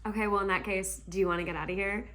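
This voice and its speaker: A woman's voice: mid-range voice, fairly even intonation, very fast, a bit bright, natural voice. A woman voicing a laid-back, rich young college man in a casual book reading, easygoing and teasing.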